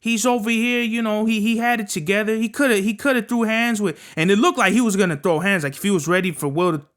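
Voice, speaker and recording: Young guy podcast host going off, high bright voice, cussing a lot, bruh every other line. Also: fast. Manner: profane, emphatic, repeats "bruh". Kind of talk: casual opinion rant.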